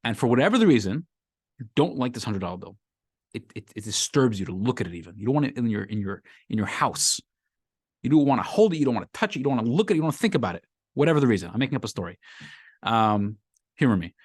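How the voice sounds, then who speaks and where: A man's voice: medium pitch, fast talker, breathy edge, dry recording. A male rabbi leads a weekly class in a room full of students, talking casually and bringing examples to life. His voice swings up and down expressively. The sound is dry and close. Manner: animated, acts out everyday scenarios for the class. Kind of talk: conversational class lecture. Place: classroom with a live group.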